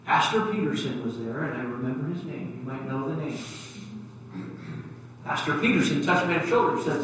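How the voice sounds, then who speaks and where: A man preaching a sermon, telling a personal story and acting out the dialogue, swinging between loud and soft. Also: on the high side, animated, a little fast, slight background noise. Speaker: pastor. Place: church sanctuary. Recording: very echoey church from far off.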